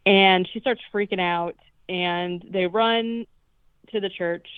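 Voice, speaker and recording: A woman's voice: medium pitch, smooth, no room sound. A woman co-hosting a podcast, casually retelling a movie's plot and swearing as she goes. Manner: swearing, jokey retelling with quoted lines. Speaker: podcast co-host. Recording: dry tinny phone-like line.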